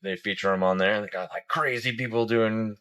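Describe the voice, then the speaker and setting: A man's voice: fairly low pitch, steady tone, fairly quick, fairly bright tone. A man giving a casual travel review as a family vlogger, rambling with lots of fillers.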